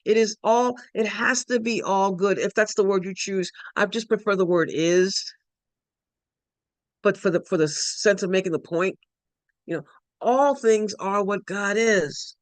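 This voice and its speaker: A woman's voice: medium pitch, measured pace, dry recording. A woman giving a spiritual talk, emphatic and repetitive, often restarting her sentences. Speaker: spiritual speaker.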